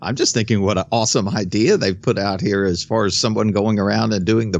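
A man co-hosting a podcast, chatting casually with sarcastic, animated commentary and frequent halting restarts. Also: fairly low pitch, no echo, studio quality. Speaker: podcast co-host. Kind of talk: casual opinion chat.

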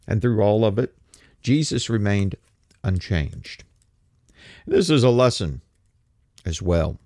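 Animated male preacher, dry close sound. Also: on the low side, no echo. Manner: animated, rising emphasis, rhetorical questions. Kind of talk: sermon.

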